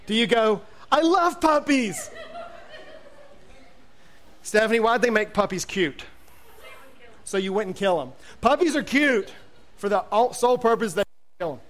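A man, a youth pastor, telling a humorous story from the pulpit, animated and self-mocking, acting out the voices of people he quotes. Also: sits high, normal speed.

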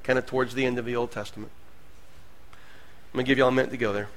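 A man preaching a sermon as pastor, moving between hushed asides and loud, emphatic lines. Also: mid-range voice, level tone, fast talker.

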